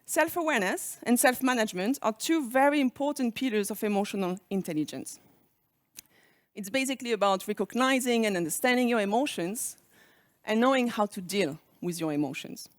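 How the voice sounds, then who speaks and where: Woman keynote speaker, French accent, fairly high and very animated, dry close sound, engaging. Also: fairly quick, dry recording. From France. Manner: engaging, asks the audience reflective questions. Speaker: speaker on leadership. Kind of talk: conference keynote talk.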